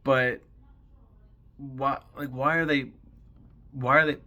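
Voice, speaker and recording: A man's voice: mid-range voice, flat delivery, takes it slowly, sharp tone. A man giving a casual, rambling film recap, sarcastic and swearing freely as he goes. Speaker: film commentary host.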